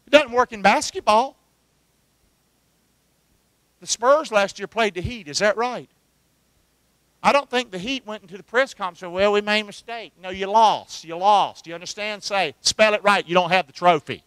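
High-voiced, bright preacher man. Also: moderate pace, long pauses, no room sound. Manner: call-and-response preaching, asks the congregation to answer. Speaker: pastor. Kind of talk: sermon.

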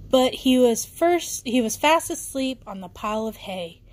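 A woman's voice: fairly high pitch, animated, measured pace. Woman reading a bedtime story. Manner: warm reading with small slips and restarts.

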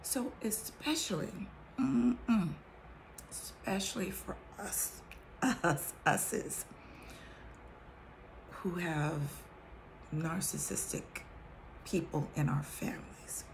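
Slow, gravelly woman reading scripture aloud. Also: lowish voice, slight background noise, rough recording. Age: 40s. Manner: reads a verse slowly, then comments candidly. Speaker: vlogger sharing testimony. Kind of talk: casual faith talk reading scripture.

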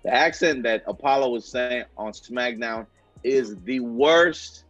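A man hosting a casual wrestling chat, talking in an animated way with quick asides. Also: mid-range voice, muffled recording, soft background music. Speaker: podcast host.

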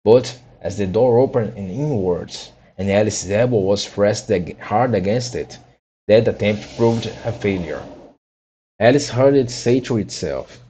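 A man reading a children's book aloud, halting with frequent restarts and repeated words. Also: on the low side, warm tone, a little hiss or hum. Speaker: audiobook reader.

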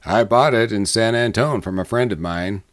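A man's voice: fairly low pitch, moderate pace, natural voice. A man voicing a proud, newly married western husband who speaks in a plain, boastful way.

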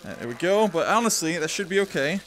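Excitable man, frantic gameplay commentary. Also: on the high side, quick pace, slight background noise. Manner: excitable, frantic, self-mocking. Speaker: gameplay video host.

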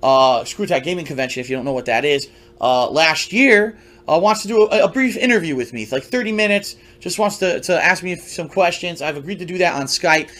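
A man's voice: fairly high pitch, animated, a little fast, few pauses, a bit bright. A man who streams games and plays a clip announcing his schedule to viewers in a rambling way, full of fillers. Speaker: gaming streamer.

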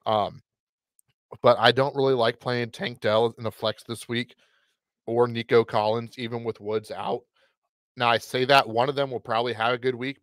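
A man's voice: mid-range voice, no echo. Guy cohosting a football podcast, wanders off mid-thought, dry close mic. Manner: rambling, self-correcting, wry. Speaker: podcast co-host. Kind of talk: casual fantasy football chat.

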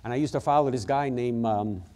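A man's voice: mid-range voice, a little fast, warm tone. A man preaching a fervent sermon as the church's pastor, with frequent exclamations of praise.

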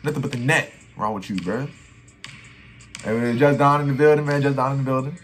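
A young man giving excited reaction commentary on his old basketball footage, trash-talking and repeating his phrases. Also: medium pitch, a little fast. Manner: hype trash talk, repeats phrases, keeps saying "bro". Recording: faint music behind.

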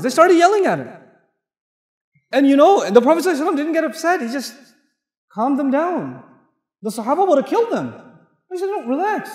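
A man from Pakistan delivers a lively, funny, storytelling sermon. His voice sits fairly high, and he speaks with emphasis. The hall around him is echoey, with a long reverb tail. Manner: animated, humorous, emphatic. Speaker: Islamic lecturer. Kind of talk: storytelling sermon to a mosque audience.

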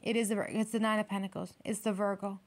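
A woman's voice: medium pitch, flat delivery, fast talker. A woman giving a casual tarot reading, blunt and streetwise, swearing freely and talking straight to her viewers. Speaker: tarot reader.

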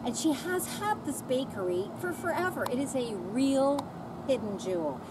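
A woman with a high voice that leaps all over the place, gushing and joking as she hosts a playful food show. She talks inside a small bakery, with loud ambient noise behind her. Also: lively intonation, normal speed, recorded from a distance. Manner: bubbly, jokey, gushing. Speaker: host.

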